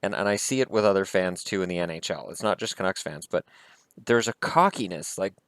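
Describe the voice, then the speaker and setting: Low-voiced man ranting about hockey. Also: fairly quick, fairly bright tone, no echo. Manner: heated, blunt and profane. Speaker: hockey vlogger. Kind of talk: casual opinion rant.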